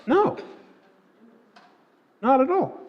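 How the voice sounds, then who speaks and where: A man's voice: extremely high pitch, very animated, extremely slow, highs cut off, slight background noise. A man leading a church Bible class, asking the group questions and telling anecdotes with light humor. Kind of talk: interactive Bible class teaching.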